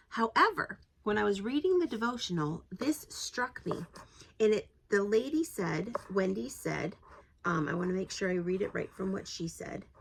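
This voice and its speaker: A woman's voice: mid-range voice, vocal fry, fairly bright tone, breathy edge. A woman hosting a devotional podcast, reading scripture aloud and then reflecting casually, thinking aloud with frequent restarts and self-corrections.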